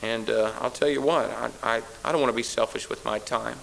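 A man's voice: mid-range voice, fairly even intonation, fairly quick, creaky, a bit bright, slight background noise, low-quality recording. A male pastor preaching a sermon to a church congregation. He sounds tired, drives points home by repeating phrases, and has a teasing, sarcastic edge.

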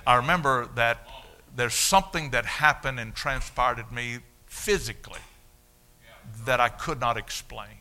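An older man preaching his testimony in a folksy, animated storytelling way. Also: mid-range voice, measured pace. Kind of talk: sermon testimony.

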